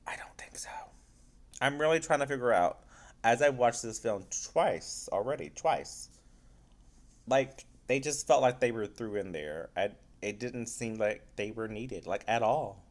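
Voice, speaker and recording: A man's voice: mid-range voice, expressive, a little slow. A man giving a casual spoiler review of a film, loose and rambling, with frequent swearing.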